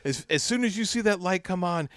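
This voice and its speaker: Guy cohosting a podcast, cussing, telling wild stories, slightly high voice. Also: expressive, a little fast, a bit bright, dry recording. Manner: profane, storytelling banter. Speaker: podcast co-host. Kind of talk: casual chat.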